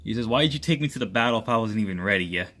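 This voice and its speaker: A man with a fairly low voice tells an improvised action story. He rambles and restarts often, and voices each character's lines himself instead of reading from a polished script. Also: expressive, fairly bright tone, a little hiss or hum. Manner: rambling, halting delivery with frequent restarts. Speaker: amateur storyteller.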